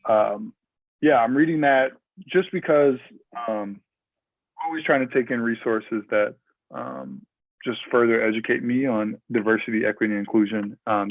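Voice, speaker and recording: A man's voice: fairly low pitch, vocal fry, no echo. A man from Minnesota, a podcast guest, chatting casually and rambling with lots of fillers and restarts. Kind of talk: casual interview chat. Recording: tinny phone-like remote line.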